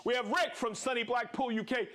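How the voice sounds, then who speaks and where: A man hosting a live product show, reading out viewer shout-outs with exuberant, playful energy, whooping and joking between names. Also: extremely high pitch, fairly even intonation, brisk.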